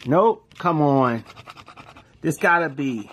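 Slow-talking DC-man scratching lottery tickets. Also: on the high side, slight background noise. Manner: reads numbers aloud, slangy, bursts into excited shouts. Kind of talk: casual commentary while scratching tickets.

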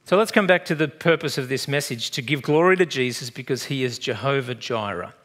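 A man preaching a sermon in a conversational, animated way, acting out little dialogues and turning emotional at times. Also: medium pitch, a little fast. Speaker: pastor. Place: church.

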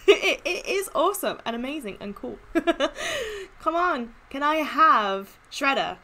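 A woman with a high, bright voice that swings widely in pitch. She gushes excitably through casual gaming commentary as she opens in-game chests. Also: moderate pace. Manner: excitable, gushing, squeals with delight. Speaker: gaming YouTuber.

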